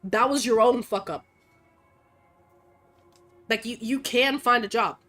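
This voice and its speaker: A young woman streamer rants in a blunt, profane, animated way, her voice fairly high and full of fillers. Soft music runs faintly behind her. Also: slow pace. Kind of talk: casual opinionated rant while gaming.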